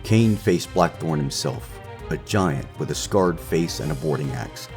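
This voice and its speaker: A man narrating a scripted romance adventure story in a measured, dramatic way. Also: a bass voice, expressive, vocal fry, darkish tone. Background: faint music.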